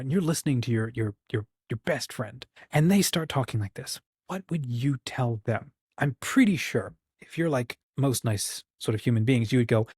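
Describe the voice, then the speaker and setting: A man's voice: mid-range voice, expressive, moderate pace, hardly any pauses, a little mellow, breathy edge, no echo, clean studio sound. A man from the United States hosting his channel, talking casually and encouragingly, often acting out little quoted conversations. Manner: rambling, encouraging, acts out quoted dialogue. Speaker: channel host. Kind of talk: casual livestream talk.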